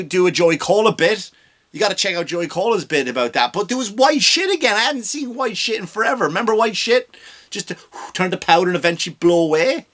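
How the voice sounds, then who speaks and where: Rambling comedian ranting. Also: male voice, high-pitched. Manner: rambling, animated, self-mocking. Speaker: comedian hosting a podcast.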